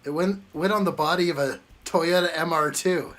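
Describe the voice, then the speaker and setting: A man's voice: fairly high pitch, normal speed, a bit bright, a little hiss or hum. A man hosting a live building stream, chatting casually and jokingly with viewers as he reacts to the chat. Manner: jokey, chuckling, reacts to chat.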